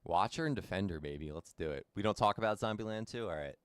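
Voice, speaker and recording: Low-voiced man streaming a game. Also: animated, fast talker, clean tone, dry recording. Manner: chatty, laid-back, talks to chat by name. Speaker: streamer playing a game and chatting with viewers. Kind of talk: casual live-stream chat.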